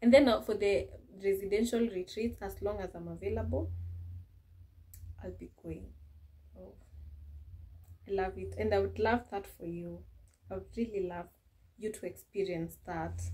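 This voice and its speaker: A woman's voice: mid-range voice, a little slow, pauses often, mellow. A young Kenyan woman chatting casually to camera in a vlog, with frequent restarts and light laughs. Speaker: vlogger.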